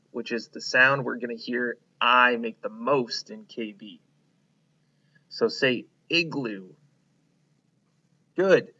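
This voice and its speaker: Guy teaching kids their letters, slow and encouraging, bright voice, kinda dull lo-fi sound. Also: medium pitch. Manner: slow, encouraging, prompts children to repeat words. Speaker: kindergarten teacher. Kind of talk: phonics lesson for young children.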